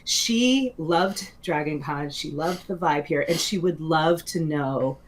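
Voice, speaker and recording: A woman in her forties is being interviewed casually as a guest author, and her storytelling rambles, with many fillers, restarts, and frequent laughs. She has a low-pitched voice and takes it slowly.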